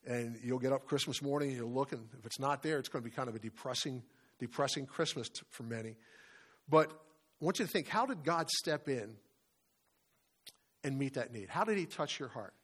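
A man's voice: medium pitch, brisk, husky. A middle-aged man preaching a sermon in an earnest way, often asking his listeners questions. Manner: earnest, asks many questions. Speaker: pastor or Bible study leader.

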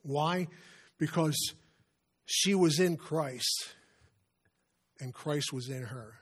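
A man preaching a sermon as a visiting preacher, earnest in manner, often clearing his throat and slowing down and softening his voice to stress a point. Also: a little high.

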